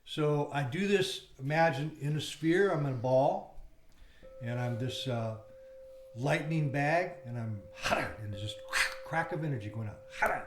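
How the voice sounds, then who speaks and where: A man's voice: fairly high pitch, unhurried. A man teaching a yoga class, explaining technique in a loose, rambling way with fillers and breaking into repeated chants. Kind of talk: guided yoga class instruction. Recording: roomy with faint background noise.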